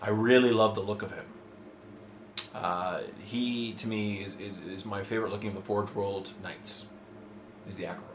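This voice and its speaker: A man's voice: lowish voice, fairly even intonation, normal speed, background noise. Chatty man from Toronto in a roomy room. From Toronto, Canada. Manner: rambling, chatty, enthusiastic, many fillers. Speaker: host answering viewer questions. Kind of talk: casual chat. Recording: roomy with faint ambience.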